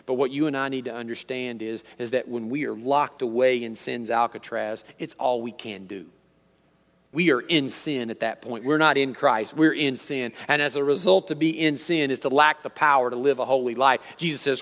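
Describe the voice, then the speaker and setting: A male pastor preaches a sermon in a loose, conversational way. He repeats words as he hunts for his phrasing and swings from loud emphasis to hushed storytelling. His voice sits at an ordinary pitch and carries a long reverb from a large hall. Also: moderate pace.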